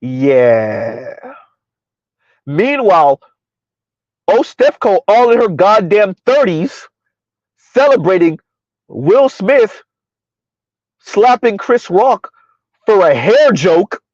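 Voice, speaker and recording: A man with a slightly high voice, talking through a casual commentary stream. He argues in rhetorical questions and keeps checking in with "right?" and "huh?". The sound is dry and a little dull, like a home setup with a modest mic. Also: big pitch swings, slow, pauses often, a little mellow, no room sound. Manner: rhetorical, repeats "who would have ever thought" and "right? huh?"; talks about himself in third person. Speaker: commentary host.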